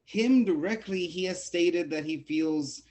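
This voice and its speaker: A man's voice: high-pitched, measured pace, a little mellow. A man hosting a casual interview, polite and deferential with his guest. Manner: polite, says "yes, sir" often. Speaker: host, interviewer.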